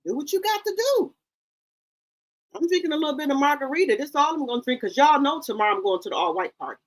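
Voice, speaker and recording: A high-pitched woman hosts a casual livestream. She chats loosely and directly with her viewers, speaking into her own microphone. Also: expressive, fast. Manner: chatty, talks straight to the chat. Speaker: livestream host. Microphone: headset or desk microphone.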